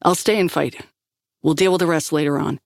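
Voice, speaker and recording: A woman's voice: low-pitched, fairly even intonation, fairly quick, gravelly, dry recording, clean studio sound. Resolute undead soldier woman, tense , a woman reading her.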